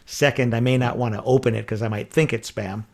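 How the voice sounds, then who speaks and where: Creaky-voiced man coaching on sales. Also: medium pitch, brisk. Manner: lively, acts out customer voices, chuckles often. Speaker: wedding sales consultant. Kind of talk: podcast interview, coaching advice.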